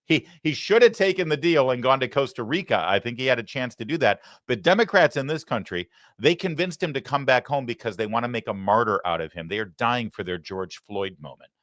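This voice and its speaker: Sarcastic male talk show host, forceful. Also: medium pitch, lively intonation, a little fast, few pauses, no echo, studio quality. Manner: sarcastic, mocking asides. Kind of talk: live political commentary show.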